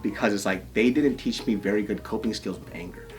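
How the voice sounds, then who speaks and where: A man's voice: lowish voice, brisk, soft background music. A man in his thirties telling stories in casual chat as a podcast co-host, profane and often laughing.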